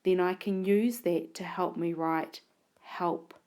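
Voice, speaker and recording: Slow, careful woman teacher. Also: lowish voice, fairly even intonation, darkish tone. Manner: sounds out words and letters slowly and deliberately. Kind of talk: narrated whiteboard spelling lesson. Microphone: tablet recording.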